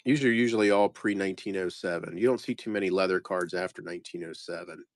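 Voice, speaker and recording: A man's voice: low-pitched, fast, no room sound, clean studio sound. A man selling postcards on a live stream, rambling casually and joking at his own expense as he reads off each card. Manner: rambling, self-deprecating, reading off card names. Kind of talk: casual live-sale narration.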